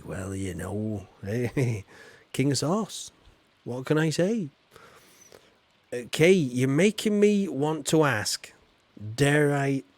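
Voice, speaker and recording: A man's voice: medium pitch, no echo. A man with a Yorkshire accent chatting casually as he streams a game, reading chat aloud and joking at his own expense. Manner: chatty, self-deprecating, reads chat aloud. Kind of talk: casual livestream commentary.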